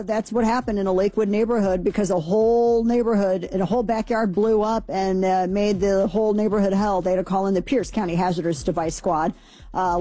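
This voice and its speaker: A woman's voice: fairly low pitch, dark tone. A woman hosting a talk radio show, chatting loosely through news items with many fillers and restarts.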